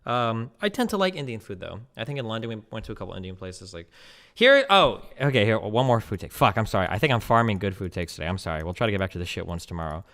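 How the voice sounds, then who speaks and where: A man streaming, ranting casually about food with profane, animated, opinionated talk full of "like" fillers. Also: lowish voice, fast. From United States. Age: 30s.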